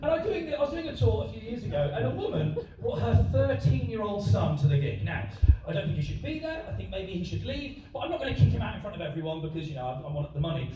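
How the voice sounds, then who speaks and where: A man doing live stand-up in a large theatre, teasing the audience with cheeky, rapid banter. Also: high voice, sing-song, noisy background. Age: 20s. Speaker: stand-up comedian. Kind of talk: live stand-up set with crowd work. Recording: echoey theatre from far, crowd. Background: audience laughter.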